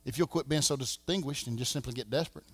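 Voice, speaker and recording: A Southern man preaching a sermon as pastor, swinging from shouting to a hush. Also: medium pitch, fast, no room sound. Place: church sanctuary.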